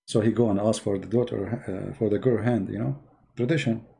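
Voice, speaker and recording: A man's voice: on the low side, fairly even intonation, a little fast, creaky, warm tone. A man giving casual, sarcastic commentary to his viewers, rambling and restarting often. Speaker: online commentator.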